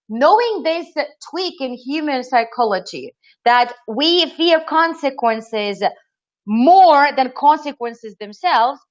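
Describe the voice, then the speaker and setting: A woman running an online training webinar, lively and asking her audience questions. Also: sits high. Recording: slightly dull lo-fi audio.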